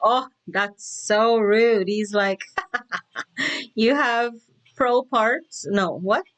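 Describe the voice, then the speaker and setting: A woman's voice: fairly high pitch, extremely slow, fairly bright tone. A woman hosting a music reaction video, chatting casually, giggling and paraphrasing the lyrics with restarts. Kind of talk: casual commentary.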